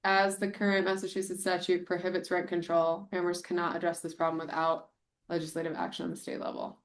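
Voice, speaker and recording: A woman chairing a town committee meeting, informal and brisk, thinking aloud as she edits a document. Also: on the low side, completely flat delivery, slight background noise. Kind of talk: casual meeting talk.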